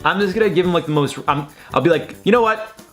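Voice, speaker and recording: A fairly high-voiced man talks in a loose, rambling way, swearing casually as he reacts to tweets. He sounds like he is in his room at home. Soft music plays faintly underneath. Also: quick pace. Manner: rambling, chatty, swears freely. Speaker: host.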